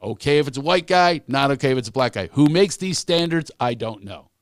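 A man's voice: medium pitch, expressive, brisk, no room sound, clean studio sound. A man who is a comedian guest, ranting animatedly and repeating words when fired up. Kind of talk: animated podcast conversation.

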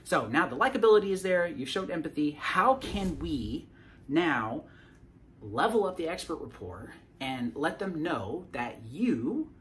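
A man's voice: a little high, sing-song, unhurried, fairly bright tone, slight background noise. A man giving a casual sales coaching talk to the camera, often tagging his points with "right?" and repeating words as he restarts.

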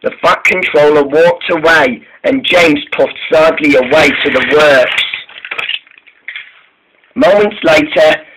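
A man's voice: a little high, slow, a bit bright, slight background noise, rough recording. A man telling an improvised story about steam engines, often stumbling and restarting his sentences.

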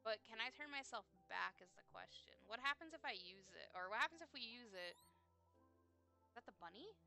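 A woman casually commenting on a video game, excitable and apologetic, reading the on-screen text aloud. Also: a little high, a little fast, vocal fry, soft background music. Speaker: let's play gamer.

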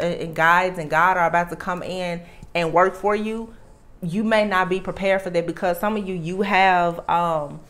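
A woman with a fairly low voice reads tarot cards for an unseen audience. She speaks earnestly and with emphasis, piling on "like" and starting her phrases over as she goes. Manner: earnest and emphatic, with frequent restarts and "like". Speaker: tarot reader. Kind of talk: tarot reading monologue.

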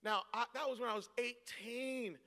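A pastor in his forties preaching a sermon, telling a story and rising into shouts and laughter. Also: very high-pitched, fairly even intonation, normal speed. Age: 40s. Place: large church hall. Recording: long hall reverb.

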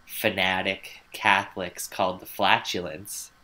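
A man's voice: deep voice, little pitch movement, unhurried, pushed and bright, slight background noise. A man co-hosting a podcast, telling a story in a loose, rambling way with frequent swearing and filler words. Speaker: podcast co-host. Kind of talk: casual chat, telling a researched story.

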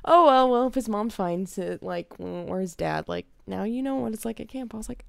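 A woman's voice: medium pitch, brisk, gravelly, few pauses, clear, resonant tone, dry recording. A young adult woman streaming a game, chatting casually and telling stories from teaching theater, her voice dropping to a whisper when she quotes a child. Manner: animated, drops to a whisper when quoting a child. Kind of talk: casual storytelling while gaming. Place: home streaming setup.

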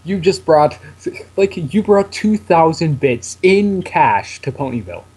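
A man riffing through a pony game with his co-host, in easy joking banter. His voice sits a touch high and swings freely, with a husky, breathy texture. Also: sing-song, measured pace, darkish tone, poor audio. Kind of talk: casual game commentary.

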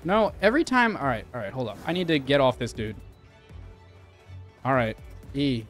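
A man's voice: mid-range voice, very animated, moderate pace, fairly bright tone, soft background music. A young man chatting casually and swearing while he streams a game and talks to his chat. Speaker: livestreamer. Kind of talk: casual live game commentary.

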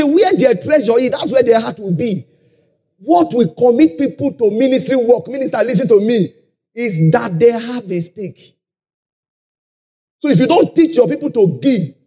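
Nigerian male pastor, very high husky voice, shouts and sings his points. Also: very animated, normal speed. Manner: preaching with shouted, sing-song emphasis and playful asides. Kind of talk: sermon. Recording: live conference hall.

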